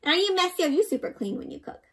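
A woman reading a picture book aloud to children in an animated way, asking them questions and calling them "my friends". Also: very high voice, racing, music in the background. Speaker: children's storyteller. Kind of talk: interactive read-aloud for kids.

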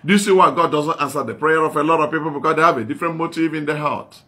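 A man's voice: a little high, quick pace, sharp tone. A middle-aged male evangelist preaching a sermon, asking emphatic repeated questions and telling his stories in a plain, unscripted way.

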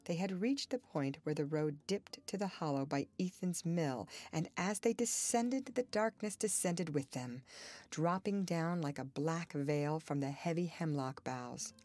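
A woman narrating a novel as an audiobook reader, in a measured, even storytelling manner. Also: deep voice. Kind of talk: scripted narration.

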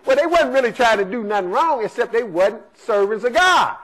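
This man preaches a conversational sermon, asking "right?" over and over as he teaches. His extremely high voice is fairly bright, with lively intonation at a moderate pace and hardly any pauses. The audio is poor.

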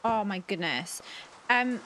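A woman's voice: mid-range voice, lively intonation, takes it slowly, fairly bright tone, slight background noise. Flustered woman gaming host. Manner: flustered, chatty, talks to game characters. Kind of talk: let's play commentary.

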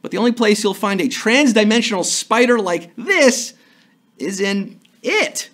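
A man's voice: sits high, lively intonation, measured pace, a bit bright. A man hosting a live trivia game show, with jokey, hyped-up patter.

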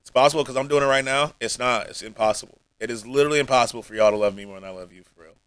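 A man streaming live, talking to his viewers in a rambling, heartfelt way. He is emotional and close to tears, and his voice often sinks almost to a mumble. The sound is dry and close, and his pitch sits in a plain middle range. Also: racing, a bit bright, clear, resonant tone, no room sound, low-quality recording. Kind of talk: emotional livestream chat. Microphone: streaming mic.

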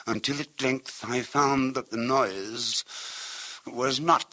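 A man performs a dramatic literary reading in a bright, forceful voice. His diction is crisp and precise with a rolling rhythm. He swings between hushed murmurs and loud, declaiming passages. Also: mid-range voice, fairly even intonation, slow pace. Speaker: reader of classic verse and tales.

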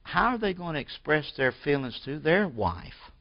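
A man preaching a sermon as pastor in a church. He swings from forceful bursts to quiet, hushed lines. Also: fairly high pitch, big pitch swings, moderate pace, gravelly, no echo, highs cut off. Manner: preaching with rising emphatic bursts and drops to near-whisper.

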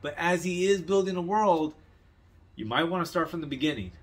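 A man's voice: fairly high pitch, brisk, slightly rough. A man casually reviewing an underground comic book on video, talking with loose slang, plenty of swearing and open enthusiasm.

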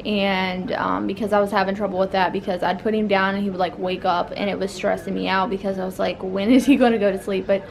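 A woman's voice: medium pitch, vocal fry, slight background noise. A young woman, a new mother, chatting casually to her vlog camera, rambling with many fillers.

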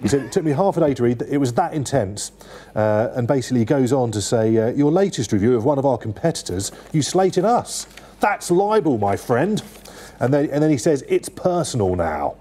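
Man, mellow chatty voice. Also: mid-range voice, lively intonation, fast talker, husky. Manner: rambling, many fillers and restarts. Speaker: newspaper review guest. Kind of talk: casual chat.

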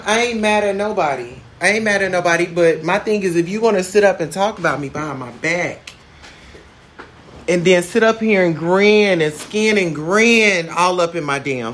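Sassy woman ranting on a livestream. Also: on the low side. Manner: sassy, drawn-out, swinging between loud and muttered. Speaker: livestream host. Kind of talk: casual livestream chat reading comments. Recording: faint background noise.

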